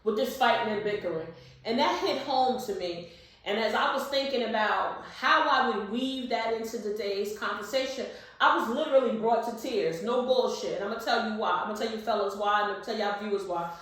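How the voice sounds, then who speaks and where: A woman in her fifties co-hosting a podcast, talking loudly and bluntly with plenty of swearing in a casual political discussion. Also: fairly high pitch, fairly quick. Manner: loud, blunt and profane. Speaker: podcast co-host. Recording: echoey room, distant mic.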